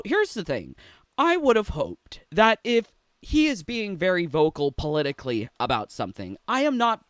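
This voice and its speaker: A man's voice: high-pitched, a bit bright, clear, resonant tone, no echo. A man ranting in a sarcastic, rambling, giggly way from his home in a casual gaming vlog. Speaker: gaming YouTuber. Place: home room.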